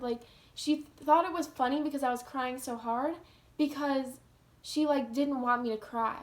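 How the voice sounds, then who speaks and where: A woman's voice: sits high, moderate pace. A young woman vlogger telling a personal story to her viewers in an earnest, casual way, full of "like" fillers. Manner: earnest, heavy use of "like".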